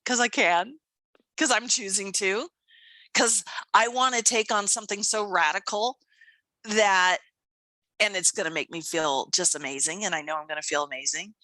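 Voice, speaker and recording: A woman's voice: medium pitch, normal speed, dry recording, low-quality recording. A woman in her fifties co-hosting a podcast, chatting casually and enthusiastically and laughing often. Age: 50s. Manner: animated and enthusiastic, laughs often, acts out quoted voices. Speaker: podcast co-host. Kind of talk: casual chat.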